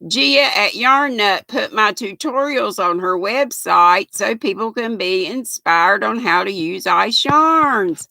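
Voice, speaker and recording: An older woman with a Southern drawl chats slowly on her live crafting stream. Her voice is bright with a gravelly edge. The sound is dry and close, and she greets her viewers warmly by name. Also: mid-range voice, no echo. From Southern United States. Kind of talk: casual live-stream chat, reading viewer comments.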